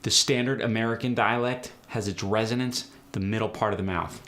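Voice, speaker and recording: A man hosting a tutorial as an accent coach, explaining sounds in a brisk, direct way. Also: on the low side, steady tone. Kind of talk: instructional tutorial.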